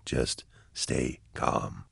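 A man voicing a steady, calm male soldier who speaks low and quietly, at times whispering. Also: measured pace, vocal fry, dry recording, studio quality, full character voice.

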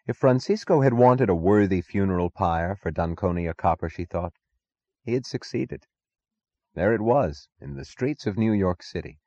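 A very deep, dark-toned male voice narrates an audiobook in a deliberate, expressive style, his pitch rising and falling freely. The recording is dry and a little dull, with a lo-fi sound. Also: no room sound. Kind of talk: scripted literary narration.

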